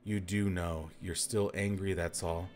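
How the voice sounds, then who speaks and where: A man's voice: sits low, level tone, measured pace, soft background music. A man reading the part of a scheming male emperor, coaxing and mocking.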